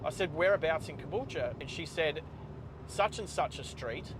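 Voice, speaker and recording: A middle-aged Australian man telling a personal story while he drives, speaking in a halting way with many pauses and restarts. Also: a little high, expressive. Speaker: host of a live driving stream. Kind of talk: casual storytelling while driving. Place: inside a car on the road. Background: car and road noise.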